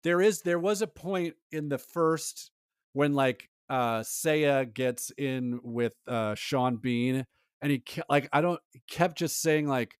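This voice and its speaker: A man co-hosting a podcast in casual chat, animated and rambling, acting out lines from a movie. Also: on the high side, a little slow, no echo, clean studio sound. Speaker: podcast co-host.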